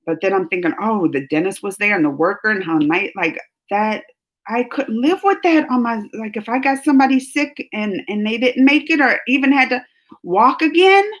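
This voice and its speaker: A woman with a medium-pitched, lively voice talks fairly quickly as she hosts a reaction stream and reads her live chat. She's an adult, married with a family, and her casual chat with viewers is emotional and teary, with laughter slipping in between her worries.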